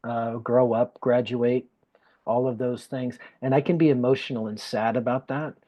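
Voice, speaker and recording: A man's voice: mid-range voice, fairly even intonation, moderate pace, mellow, dull audio. A man, a guest speaker, telling a personal story in conversation, earnest and emotional, often repeating phrases for emphasis.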